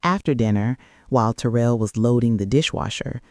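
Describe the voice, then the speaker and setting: A woman in her sixties narrating a first-person family story in an earnest, reflective way with dramatic pauses. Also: extremely low pitch, a little mellow, dry recording, studio quality. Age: 60s.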